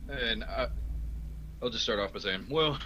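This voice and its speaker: A man's voice: fairly low pitch, fairly even intonation, normal speed, sharp tone, lo-fi sound, a little hiss or hum. A man playing a tabletop game, describing his character casually and hesitantly. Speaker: player. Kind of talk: tabletop role-play.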